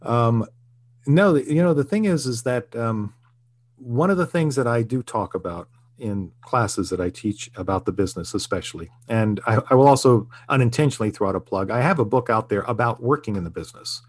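A man's voice: mid-range voice, fairly quick. Earnest older man telling stories. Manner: reflective, earnest storytelling with frequent restarts and chuckles. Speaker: guest, TV writer and producer. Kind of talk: casual interview conversation.

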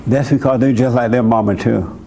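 A man's voice: mid-range voice, fairly even intonation, fairly quick, dark tone, slight background noise. A man hosting a church gathering, counseling a young caller in a direct, insistent way with short pointed questions and repeated words for emphasis. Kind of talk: blunt counseling conversation.

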